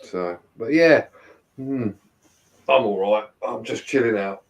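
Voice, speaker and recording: Male guest, mid-pitch, relaxed rambler, casual swearing. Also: takes it slowly, creaky. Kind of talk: casual chat.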